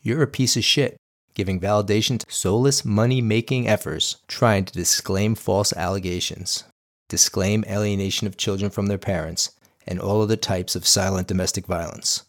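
A middle-aged man hosts his podcast in a scripted monologue. He talks bluntly and with emphasis, swearing now and then, his voice sitting somewhat low for a man. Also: fairly even intonation, normal speed. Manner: blunt and emphatic, with crude language. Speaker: podcast host.

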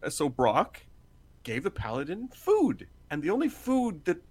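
A man's voice: on the high side, wildly swooping pitch, measured pace, a little mellow, slightly rough. A man telling a story in casual chat, laughing often, swearing freely and acting out the lines.

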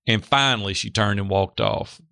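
A middle-aged man telling a candid, animated personal story as a guest in a faith-based talk. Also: on the low side, moderate pace, creaky, no room sound, studio quality. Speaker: podcast guest.

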